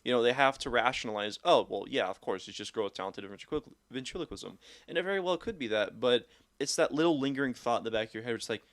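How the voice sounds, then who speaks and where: A young man on a casual podcast, rambling through a story at an ordinary middle pitch. He gets animated and swears freely as he goes. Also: quick pace, few pauses. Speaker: podcast co-host. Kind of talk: casual chat.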